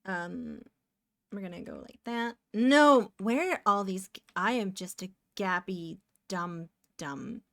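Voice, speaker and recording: A young woman from Canada chatting casually on a live stream while she draws, rambling and breaking into excited exclamations. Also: mid-range voice, unhurried, no room sound, clean studio sound.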